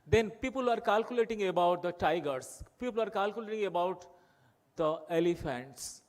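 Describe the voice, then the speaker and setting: A man's voice: high-pitched, expressive, normal speed. A man from Odisha with an Odia-accented Indian English, giving an impassioned, rhetorical conference speech full of repetition. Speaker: conference speaker.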